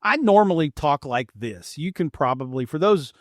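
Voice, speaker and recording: A middle-aged man from Appalachian Kentucky with a light Kentucky twang, hosting a podcast in a relaxed, rambling, self-deprecating way. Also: fairly high pitch, normal speed, no echo, clean studio sound. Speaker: podcast host. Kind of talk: casual podcast chat.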